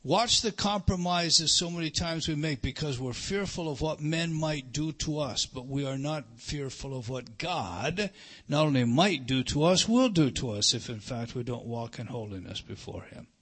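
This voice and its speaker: A middle-aged man preaching a sermon, emphatic, rising to loud stresses and dropping to hushed lines. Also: a little high, animated, normal speed, breathy edge. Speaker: pastor.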